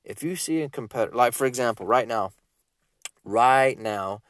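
Rambling business coach. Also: male voice, medium pitch, normal speed, dry recording, clean studio sound. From Georgia, USA. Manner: animated, rambling, repeats himself. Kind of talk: casual motivational talk.

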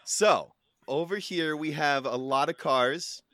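A man plays a bumbling car salesman who trips over his words and rattles off deadpan nonsense. His mid-pitched voice is bright and smooth, with a dry, close sound in an improvised comedy skit. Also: slow, no echo. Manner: rambling, stumbling, deadpan nonsense. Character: rambling hapless male car salesman.

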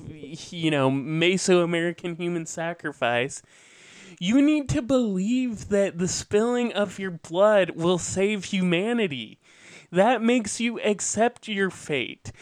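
A man's voice: high-pitched, clear, resonant tone, no room sound. A man hosting a podcast, delivering an opinionated, lecturing political monologue with a sardonic edge. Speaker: podcast host.

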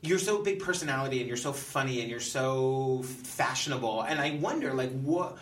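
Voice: mid-range voice, animated. Gushing host on a distant, roomy mic. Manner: gushing, enthusiastic, quick laughs. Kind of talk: casual chat.

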